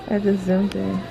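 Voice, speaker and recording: A woman chatting with a relaxed, teasing manner beside the vlogger. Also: mid-range voice, vocal fry. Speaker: companion of the vlogger. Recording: dull muffled audio with road noise.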